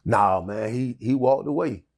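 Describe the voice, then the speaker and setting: Man, middle-aged, gravelly, mid pitch, profane, rambling interview guest. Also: measured pace, a little mellow. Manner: profane, rambling, with many restarts. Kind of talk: candid storytelling interview.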